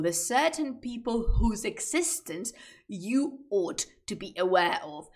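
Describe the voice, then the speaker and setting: A woman's voice: medium pitch, a bit bright. A woman chatting casually on a livestream, enthusiastic and a bit rambling, with fillers. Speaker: streamer.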